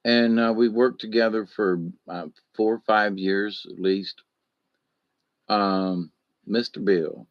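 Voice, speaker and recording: A man chats on his own live stream, slow and unhurried, swearing and wandering through stories while he answers chat. The audio is dull and lo-fi, with a dry close sound. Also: fairly low pitch, steady tone, no echo. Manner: rambling, profane, tells anecdotes with sound effects; reads and answers chat comments.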